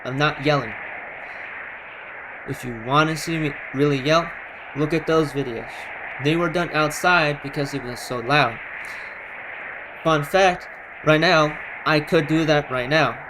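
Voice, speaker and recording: A man talking casually on a live stream while gaming, in a loud, projecting voice, often repeating himself for emphasis. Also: a little high, unhurried, pauses often, noisy background.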